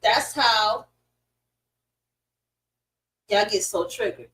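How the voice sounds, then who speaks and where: A middle-aged woman hosting a podcast, ranting in casual, profane commentary with sudden loud swings and a dry throat. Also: medium pitch, drawn-out words, slight background noise, rough recording. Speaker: podcast host.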